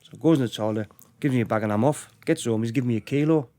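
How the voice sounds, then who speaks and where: A man's voice: medium pitch, rapid-fire, dark tone. A middle-aged man, a podcast guest telling crime stories in a casual, rambling way, repeating his words. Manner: rambling, repeats words, acts out quoted dialogue. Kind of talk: casual true-crime storytelling.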